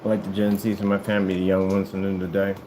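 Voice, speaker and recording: A man rambling casually to the camera as he works, animated and joking, often jumping into a high falsetto. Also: fast talker, background noise. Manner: animated, jumps into high falsetto sing-song and joking voices. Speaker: vlogger. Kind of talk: casual rambling monologue while working.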